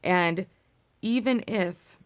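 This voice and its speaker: A woman talking earnestly and reflectively to camera, sharing a personal story with many pauses and fillers. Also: mid-range voice, dry recording. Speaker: vlogger sharing personal experience. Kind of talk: casual talk to camera.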